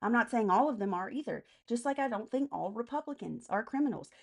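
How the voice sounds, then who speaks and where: A woman's voice: fairly high pitch, animated, fast, creaky, darkish tone. A woman hosting a casual political live stream, answering chat comments by name in a blunt, profane way.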